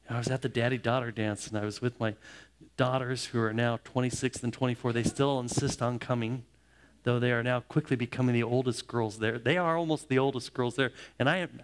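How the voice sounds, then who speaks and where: A middle-aged male pastor giving a sermon in his ordinary mid-range voice. He speaks in a personal, heartfelt way and tells family stories. He often pauses and restarts as he searches for words. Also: mid-range voice.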